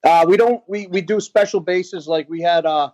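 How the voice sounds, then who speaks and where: A man, a veteran, telling a personal story as an interview guest, earnest and halting, with frequent pauses and restarts. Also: high-pitched, darkish tone, highs cut off. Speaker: guest, veteran who runs an outdoor organization for veterans.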